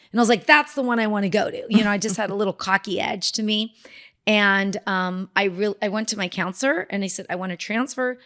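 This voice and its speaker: Brief: middle-aged woman, podcast guest, lively storyteller who acts out quoted voices, even mid-range pitch. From Southern California. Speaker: dermatologist guest. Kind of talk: casual interview storytelling.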